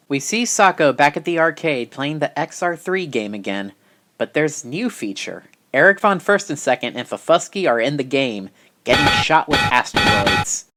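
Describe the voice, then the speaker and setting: A man narrating a storybook in a plain, low-key reading. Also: expressive, moderate pace, sharp tone.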